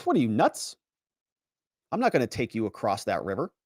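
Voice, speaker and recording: A man voicing a panicked, indignant frog from a fable, shrill and exasperated. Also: wildly swooping pitch, brisk, darkish tone, slightly rough, no room sound, clean studio sound. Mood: incredulous.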